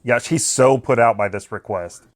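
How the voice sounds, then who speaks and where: A man's voice: mid-range voice, normal speed. A man guesting on a podcast, making playful joking asides during casual movie commentary.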